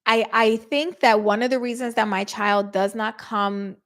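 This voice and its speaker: A middle-aged woman host telling a story casually to her listeners, animated and acting out quotes with shifts in her voice. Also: on the high side, a little slow. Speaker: podcast host.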